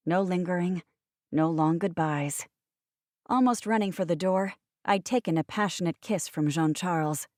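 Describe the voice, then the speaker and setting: A woman's voice: on the low side, darkish tone, no room sound, clean studio sound. Wry woman narrating an audiobook. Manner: wry, sardonic asides. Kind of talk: first-person audiobook narration.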